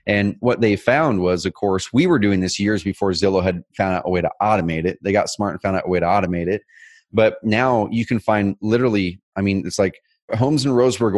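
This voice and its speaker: Fast-talking low-voiced man. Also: no echo. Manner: energetic, fast, animated storytelling. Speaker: co-host. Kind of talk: casual business chat.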